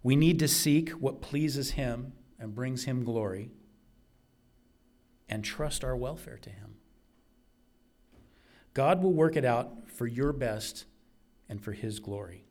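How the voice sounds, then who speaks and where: Man, preacher, sermon, slow deliberate delivery, earnest, repeats phrases for emphasis. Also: mid-range voice, a little mellow.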